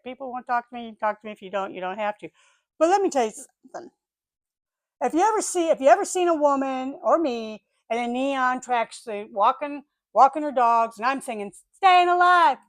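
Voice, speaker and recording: An older woman chatting casually on her vlog, telling a story in an animated way and acting out the voices of the people and animals in it. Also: fairly high pitch, no echo. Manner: animated, acts out voices of dogs and neighbors. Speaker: vlogger.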